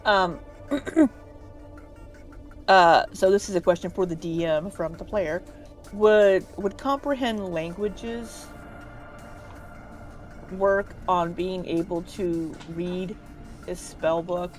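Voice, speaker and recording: A woman playing a tabletop game talks slowly and hesitantly, filling gaps with ums. Her voice sits a bit low for a woman. Faint music plays behind. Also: fairly even intonation. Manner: hesitant, filler-heavy. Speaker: player.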